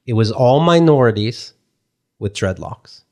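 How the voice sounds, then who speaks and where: A man telling a family story in a casual talk show chat. He is animated, rushes through some lines and jumps up high when he acts out what people said.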